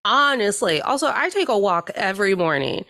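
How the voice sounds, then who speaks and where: A woman co-hosting a podcast in casual chat, animated and sassy, often slipping into mocking voices. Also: medium pitch, a little fast. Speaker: podcast co-host.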